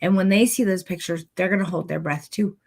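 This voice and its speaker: A woman's voice: on the low side, brisk, gravelly, darkish tone, husky. A woman teaching an online photography masterclass, coaching her viewers directly and demonstrating as she explains. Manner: encouraging, addresses viewers directly. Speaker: photography posing instructor.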